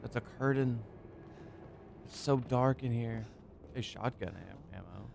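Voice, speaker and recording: A man's voice: medium pitch, unhurried, creaky, a little mellow, a little hiss or hum. A young man rambling through a let's play, self-mocking and swearing as he gets lost. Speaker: gaming YouTuber. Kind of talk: casual let's play commentary.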